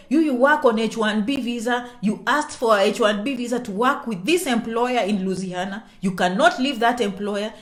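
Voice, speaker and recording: A woman explaining immigration news to her viewers in a casual way. She keeps asking "okay?" and drops into half-whispers for sensitive points. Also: on the high side. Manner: checks in with "okay?" constantly; animated, swings between loud and soft. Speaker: immigration vlogger.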